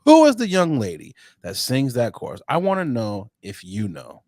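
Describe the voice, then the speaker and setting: Lively, joking man co-hosting a chat show. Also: moderate pace, no echo, clean studio sound. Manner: playful, loose and joking with lively swings in pitch. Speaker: podcast co-host. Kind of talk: casual chat.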